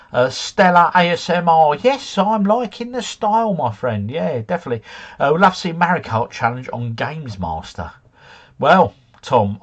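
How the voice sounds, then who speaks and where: A man's voice: mid-range voice, husky, dull audio. A middle-aged man who chats casually and jokingly while he hosts a livestream at home, reads comments, and drifts into tangents. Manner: chatty, jokey, drifts off into tangents. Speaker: livestream host. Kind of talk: casual chat reading live comments. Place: home, drinking beer. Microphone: desk mic.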